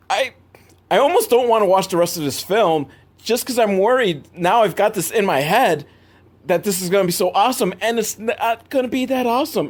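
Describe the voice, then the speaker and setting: A young man giving a comedic movie recap, rambling and sarcastic, with sudden jumps in pitch. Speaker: movie reviewer.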